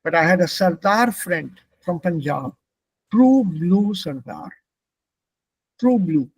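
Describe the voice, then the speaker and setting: A man's voice: high voice, expressive, slow, husky, dry recording, rough recording. A man, a Telugu speaker, telling a personal anecdote as a German teacher, hesitant with frequent fillers.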